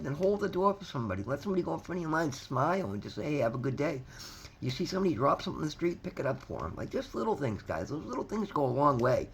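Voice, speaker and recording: A man's voice: fairly high pitch, a bit bright, a little hiss or hum. A man talking to his viewers in an earnest, heartfelt self-help monologue, repeating himself, swearing freely and calling them "guys". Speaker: motivational vlogger. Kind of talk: casual heartfelt monologue to camera.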